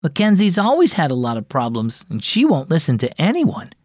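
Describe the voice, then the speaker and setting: An earnest young schoolgirl, put on by a man reading a children's story, her voice pitched up and bouncing around. The lines come dry and close, over faint background music. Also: wildly swooping pitch, a little fast, no echo.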